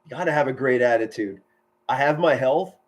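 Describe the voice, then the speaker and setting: A middle-aged man giving excited live football play-by-play from home, shouting big plays and chatting warmly with his viewers. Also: medium pitch, a little fast. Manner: enthusiastic, yells touchdown calls, chatty and sentimental with viewers. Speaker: amateur play-by-play commentator streaming live.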